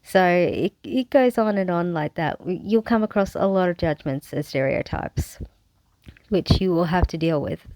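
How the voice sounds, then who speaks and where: A woman's voice: on the low side, unhurried, a little mellow, no echo, poor audio. Frank, wry Australian woman vlogger. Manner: frank and wry, with bursts of sarcasm. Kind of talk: candid personal storytelling.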